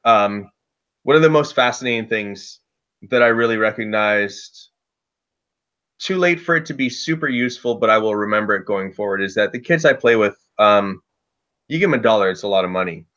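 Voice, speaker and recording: A man telling a casual story about running a tabletop game, loose and lively, with lots of "like" fillers. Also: fairly low pitch, fairly quick, highs cut off. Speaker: dungeon master guest.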